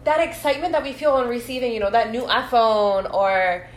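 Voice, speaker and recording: A tired woman co-hosting a casual faith podcast, playful and quick to laugh. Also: fairly high pitch, slight background noise. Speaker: podcast co-host. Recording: echoey room.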